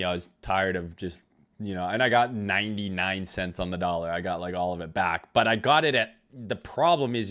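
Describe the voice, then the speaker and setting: A man's voice: lowish voice, a bit bright. Profane casual man streaming live. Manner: loose, profane, reads chat names aloud. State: recovering from illness. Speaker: crypto trading livestream host. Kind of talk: casual livestream chat with viewers.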